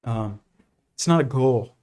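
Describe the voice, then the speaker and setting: A man's voice: mid-range voice, lively intonation, slow pace. A man hosting a casual livestream, thinking aloud with many restarts and fillers. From United States. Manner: rambling, many restarts and fillers, laughs softly. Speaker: host.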